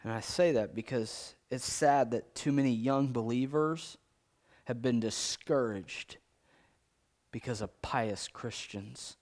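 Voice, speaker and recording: A man preaching a sermon, acting out scripture with big swings between loud, quick lines and low, slow King James readings. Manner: animated, dramatizes scripture quotes with big swings in pitch and loudness.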